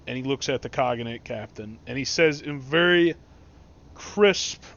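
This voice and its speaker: A man's voice: mid-range voice, a little slow, a bit bright. Casual male game master, dull audio. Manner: rambling, casual narration with fillers. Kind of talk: narrating a tabletop game. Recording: dull lo-fi recording.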